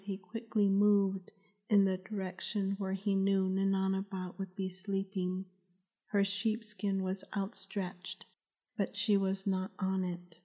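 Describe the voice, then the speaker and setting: A woman, the author, reading her novel aloud as calm, measured audiobook narration. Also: medium pitch.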